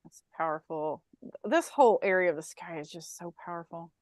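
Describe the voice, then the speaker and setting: A woman co-hosting a podcast in casual chat, animated and playful, telling stories with asides. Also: lowish voice, fairly quick, no room sound. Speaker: podcast co-host.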